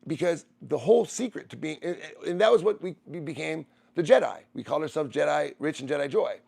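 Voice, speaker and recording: A man's voice: on the high side, lively intonation, fairly quick, gravelly, darkish tone. A middle-aged man who streams, telling a personal story in a rambling way, restarting and repeating phrases.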